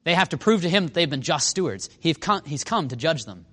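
A man teaching a Bible study in a casual, animated way, acting out quotes and asking the class questions. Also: on the high side, a little fast, slightly rough. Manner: animated, acts out quotes, asks the room questions.

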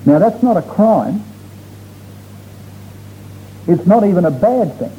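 A man's voice: high voice, sing-song, slow. A man preaching a sermon to his congregation, earnest and emphatic, drawing out key words for stress. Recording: dull lo-fi recording with faint noise.

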